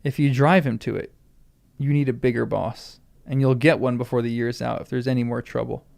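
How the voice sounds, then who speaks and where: A man's voice: medium pitch, flat delivery, fairly quick, creaky, a little mellow, voice pushed down, natural voice. A man reading as a sneering ruffian bully. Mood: threatening. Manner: sneering, threatening. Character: menacing mocking ruffian man, squint-eyed bully. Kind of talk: reading a novel aloud.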